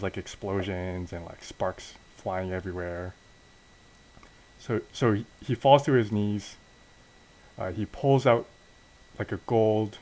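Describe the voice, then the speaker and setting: A man's voice: low voice, a little mellow, slight background noise, poor audio. A young man casually narrating a wrestling game story, hesitant and self-deprecating, often restarting his sentences. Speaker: channel host narrating a wrestling sim.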